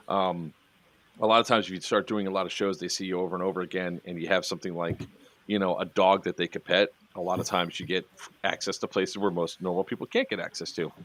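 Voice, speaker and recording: A man's voice: sits low, fairly bright tone. A man hosting a casual online chat, telling rambling stories full of fillers and restarts. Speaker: podcast host.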